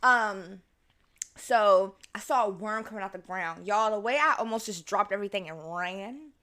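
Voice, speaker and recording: A woman, hosting a casual solo podcast and telling stories in a lively, profane way while she eats. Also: mid-range voice, moderate pace. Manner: animated storytelling, swears freely, mimics her own voice. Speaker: podcast host.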